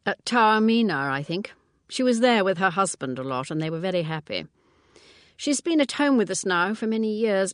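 Woman reading worried older sister, fretful, trailing off, lively pitch. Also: no echo, clean studio sound, lightly acted. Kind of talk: audiobook character reading.

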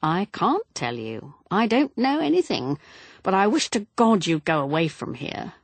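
A woman's voice: mid-range voice, sing-song, normal speed, dry recording, pitched above the performer's own voice. A woman voicing a protective young husband in an audiobook, speaking in a pressing, emphatic way. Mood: urgent. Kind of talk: audiobook character reading.

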